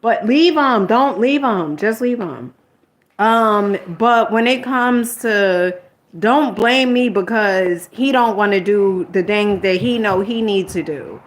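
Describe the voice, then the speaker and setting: In a mid-range voice, a middle-aged vlogger takes her time sharing a personal story. Candid and rambling, she replays old arguments, quotes herself, and slips into an exasperated, motherly lecture.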